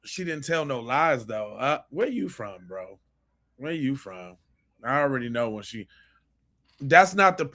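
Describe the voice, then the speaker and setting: A male podcast host reacting to clips in a blunt, cursing way, with a fairly high voice for a man. He restarts his sentences again and again as he makes his point. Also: bright, forceful tone. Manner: blunt, profane, repeats and restarts phrases. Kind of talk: commentary on played video clips.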